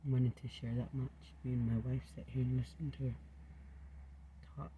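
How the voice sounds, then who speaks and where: A man's voice: mid-range voice, level tone, normal speed, dark tone, a little hiss or hum. A man rambling into a home recording, drifting from topic to topic and often sinking to a near-whisper.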